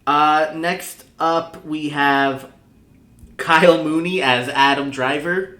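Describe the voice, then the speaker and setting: Bright-voiced young man chatting, echoey room. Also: fairly high pitch, fairly even intonation. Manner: chatty, laughs often, halting restarts. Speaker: podcast co-host. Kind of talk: casual chat.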